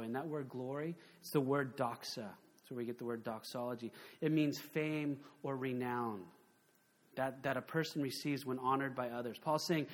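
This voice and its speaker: A man preaching a sermon in an animated, conversational way, full of rhetorical questions. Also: mid-range voice, moderate pace. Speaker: pastor.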